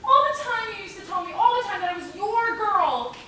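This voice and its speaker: A woman's voice: high-pitched, normal speed, fairly bright tone. Woman playing a panicked, pleading young bride. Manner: pleading, desperate, near tears. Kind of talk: stage acting. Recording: echoey hall, distant mic, noisy.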